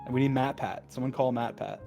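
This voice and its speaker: A man's voice: mid-range voice, steady tone, brisk, creaky. A man streaming to a voice call, reading a long text aloud in a rush and breaking off for joking asides. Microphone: computer mic in a voice call. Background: soft added music.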